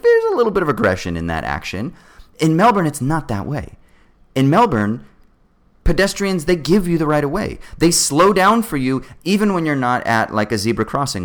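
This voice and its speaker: A man, talking animatedly and swearing freely as a podcast co-host in casual chat. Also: fairly high pitch. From Southern California. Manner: animated, swears freely, acts out other drivers.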